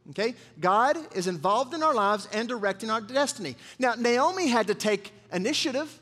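Preaching with lively intonation at a normal pace and hardly pausing, a pastor calls on his congregation to answer back. His voice is very high and fairly bright, and the church hall around him is reverberant.

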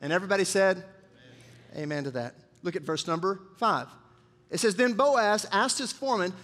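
A male pastor preaches briskly in a high, slightly bright voice, engaging the congregation in call-and-response. The recording captures the echo of a church hall.

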